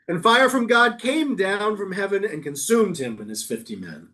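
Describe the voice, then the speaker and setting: Playful rabbi, joking through a Bible reading. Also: male voice, high-pitched, big pitch swings, fairly bright tone. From New York. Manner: playful, quick asides, reads verses then riffs. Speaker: rabbi teaching a Bible study. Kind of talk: casual text study, reading aloud and joking.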